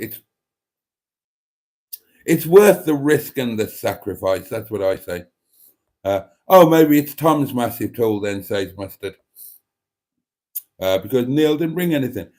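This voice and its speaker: A man's voice: medium pitch, animated, slow pace, long pauses, mellow. Man reading viewer comments on a livestream. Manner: reads comments aloud in a raised voice, then answers with mock denials and asides. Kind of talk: casual livestream chat.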